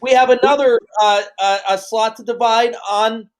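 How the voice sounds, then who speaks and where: A man's voice: extremely high pitch, fairly even intonation, normal speed, poor audio. A man hosting a podcast, introducing a guest with joking patter. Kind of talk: casual podcast banter.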